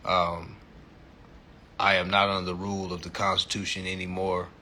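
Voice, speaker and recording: A man hosting a casual livestream chat, animated and profane, laughing often and peppering his talk with slang. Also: sits low, moderate pace, a little hiss or hum. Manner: slangy, repeats "you know what I'm saying". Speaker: livestream host.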